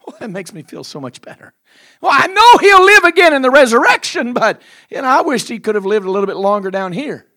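A man putting on a loud, scolding Martha. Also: very high voice, big pitch swings, a little fast, voice pushed up, full character voice. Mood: grieving. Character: grieving woman Martha, loud and reproachful.

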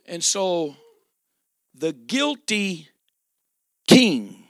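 A man preaching a sermon with emphatic delivery, dramatic pauses and repeated phrases. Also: high-pitched, very animated, dry recording, clean studio sound.

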